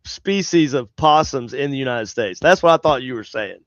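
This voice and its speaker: A man's voice: mid-range voice, lively intonation, normal speed, fairly bright tone, no room sound, dull audio. A man co-hosting a podcast in casual banter, argumentative, swearing often and stumbling over his words. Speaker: podcast co-host. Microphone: headphones on.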